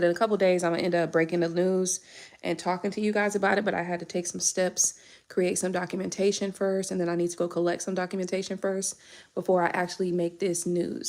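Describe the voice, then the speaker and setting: Chatty, slangy young woman tarot reader. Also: lowish voice. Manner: candid, chatty, swears freely, slangy. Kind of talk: casual live-stream chat.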